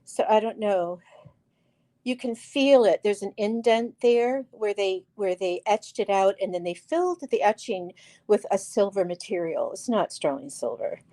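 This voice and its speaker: Her voice is medium in pitch and dark in tone, and her pace is measured as she hosts a live crystal sales show. She talks chattily with fillers and restarts, greeting viewers by name while displaying stones.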